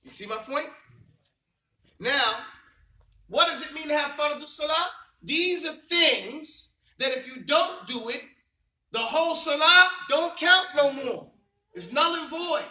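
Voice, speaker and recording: A man's voice: very high voice, bright, forceful tone, echoey room, distant mic, a little hiss or hum, rough recording. A man teaching a religious class, quizzing his students and stressing key points. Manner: quizzing students, emphatic and repetitive. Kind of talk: classroom lesson with call and response.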